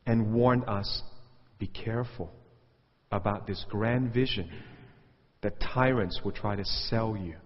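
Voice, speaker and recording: Animated preacher man in a reverberant hall. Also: on the low side. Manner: animated, mocking quotes in a raised voice. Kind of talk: sermon with commentary. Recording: dull audio with long hall reverb.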